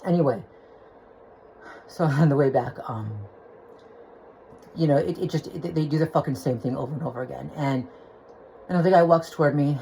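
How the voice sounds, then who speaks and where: A woman's voice: deep voice, moderate pace, creaky, pauses often, dark tone, slight background noise, rough recording. A woman telling a personal story into her phone, agitated and rambling, with restarts and swearing. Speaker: vlogger.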